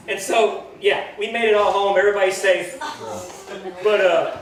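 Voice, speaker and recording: A man's voice: high voice, normal speed. A man telling rambling, laughing stories at a birthday roast in front of a crowd. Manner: rambling, laughing through his own stories. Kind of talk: storytelling to a party crowd. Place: large hall at a birthday party. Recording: echoey hall, distant mic, crowd noise.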